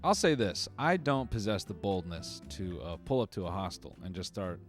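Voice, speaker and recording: A man's voice: low-pitched, sing-song, moderate pace, soft background music. A man hosting, riffing on viewer clips in wry, rambling comedic commentary full of fillers and restarts. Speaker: comedian host reacting to clips.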